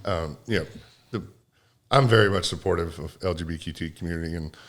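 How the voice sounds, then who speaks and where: A man's voice: low-pitched, quick pace. A man co-hosting a casual podcast chat, telling stories in a rambling way with many restarts and choking up with emotion. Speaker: podcast co-host.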